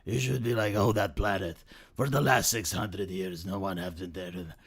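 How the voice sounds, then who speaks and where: A streamer mocking a game by voicing a grizzled old general in a deep, gravelly rasp. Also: steady tone, moderate pace. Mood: gruff. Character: gruff old veteran general, grizzled and curt.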